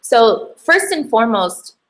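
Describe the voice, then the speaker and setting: A woman's voice: a little high, big pitch swings, slow. Chatty young woman telling a heartfelt story. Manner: chatty, emotional, lots of "like" and "um". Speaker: hijab brand founder giving a faith talk. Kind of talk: personal storytelling to camera.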